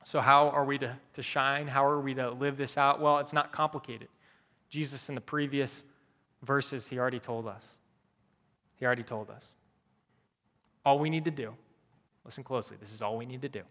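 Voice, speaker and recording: A man's voice: medium pitch, fairly even intonation, normal speed, pauses often, bright, forceful tone. A man preaching a sermon as pastor, earnest and repeating key phrases for emphasis. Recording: long hall reverb.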